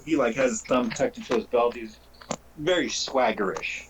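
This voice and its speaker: Halting, casual man running a tabletop game. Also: medium pitch, slight background noise, poor audio. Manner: casual, halting, many fillers and restarts. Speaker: game master.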